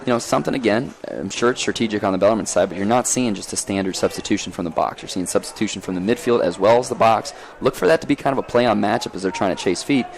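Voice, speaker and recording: A man calls a lacrosse game live, reeling off passes and player moves at a brisk clip. His voice sits on the low side, and his delivery is folksy and energetic, like a seasoned commentator at an outdoor game. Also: vocal fry. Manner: energetic, folksy, rapid play-calling.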